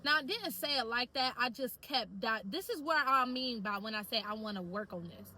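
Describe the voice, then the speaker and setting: A young woman vlogging casually to camera, telling stories in an animated, chatty way full of slang. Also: a little high, normal speed, rough recording.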